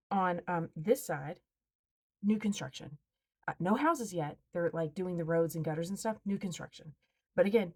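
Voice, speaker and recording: A woman vlogger telling a story in a loud, emphatic, exasperated way, venting directly to her viewers. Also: on the low side. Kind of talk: animated storytime rant.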